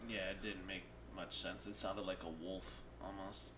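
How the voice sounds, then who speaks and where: Relaxed male co-host, low voice, brief comments, clear background noise on the track. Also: normal speed. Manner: laid-back, short remarks, laughs often. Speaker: podcast co-host. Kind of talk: casual movie review chat.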